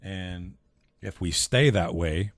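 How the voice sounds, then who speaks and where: A man's voice: low-pitched, takes it slowly, dry recording, clean studio sound. A man co-hosting a podcast who speaks in a heartfelt, earnest way and often repeats words as he restarts his sentences. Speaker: podcast co-host, husband and father. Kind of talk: casual podcast conversation.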